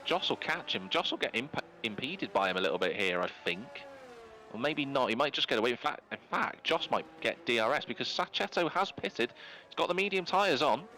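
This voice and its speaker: A man giving live play-by-play commentary on a sim racing league, brisk and rising in pitch when incidents happen. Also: sing-song, pushed and bright, slight background noise, low-quality recording. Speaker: race commentator. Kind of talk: live esports race commentary.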